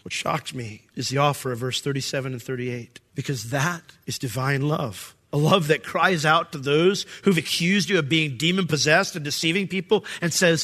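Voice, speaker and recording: A man preaching a sermon as pastor, animated and acting out the voices of biblical figures. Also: on the high side, normal speed, hardly any pauses.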